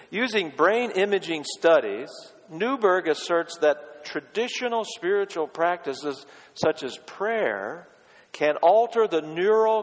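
Pastor guy preaching, punches words then goes quiet, long church reverb. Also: fairly high pitch. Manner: emphatic, swinging from loud stresses to hushed quotes. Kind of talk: sermon.

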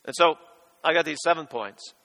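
A man's voice: a little high, moderate pace, gravelly, pushed and bright. A man preaching a sermon as pastor, speaking conversationally and turning straight to his listeners. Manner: conversational, addresses listeners directly. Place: church sanctuary. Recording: echoey church, long reverb.

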